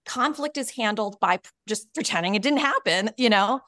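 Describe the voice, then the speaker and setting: A woman's voice: mid-range voice, normal speed, dry recording, clean studio sound. Earnest woman telling her story. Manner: earnest and frank, many "you know" and "like" fillers, quotes others in animated voices. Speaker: podcast guest, author and coach. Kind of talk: candid personal storytelling in a podcast interview.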